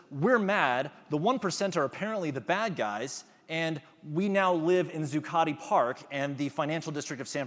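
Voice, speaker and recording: A man's voice: on the high side, big-room sound. A man giving a motivational talk to an audience, engaging them with questions. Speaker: conference speaker.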